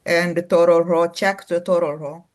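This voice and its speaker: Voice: medium pitch, fairly even intonation, moderate pace. A student in a class calling out short answers to the teacher.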